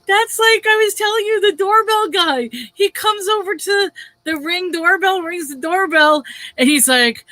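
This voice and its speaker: A woman's voice: extremely high pitch, unhurried, pushed and bright, no echo, poor audio. A woman hosting a casual live-stream book sale, chatty, reading back-cover blurbs aloud with drama and laughing often.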